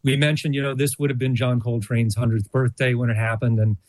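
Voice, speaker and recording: A man's voice: medium pitch, flat delivery, a little fast, a little mellow, no room sound. A man, a college jazz orchestra co-director, answering interview questions thoughtfully, with frequent fillers and restarts. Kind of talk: radio interview.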